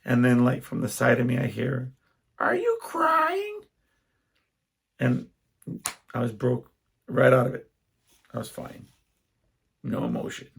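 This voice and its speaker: A young man talks through a loose solo podcast monologue in a heavily gravelly, husky voice. He wanders from story to story and keeps cutting himself off to start again. His pitch sits in a plain middle range. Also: level tone, moderate pace, long pauses. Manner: rambling, self-interrupting storyteller. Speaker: podcast host.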